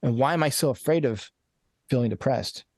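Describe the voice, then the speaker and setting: A man's voice: medium pitch, fairly quick, darkish tone, no room sound, clean studio sound. A man guesting on a podcast as a coach, talking earnestly in a rambling, casual way with many restarts and repeated words. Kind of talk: casual conversational interview.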